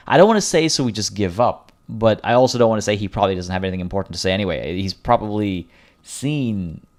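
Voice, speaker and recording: A man streaming a game live, chatting animatedly, joking and thanking viewers. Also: on the low side. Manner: animated, jokey, reads game text aloud. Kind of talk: live let's-play commentary.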